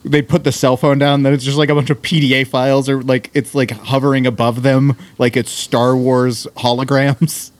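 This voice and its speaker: A man co-hosting a podcast, animated and incredulous as he laughs through a TV recap. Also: medium pitch, normal speed, few pauses. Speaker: podcast co-host. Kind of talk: casual chat recapping a TV episode.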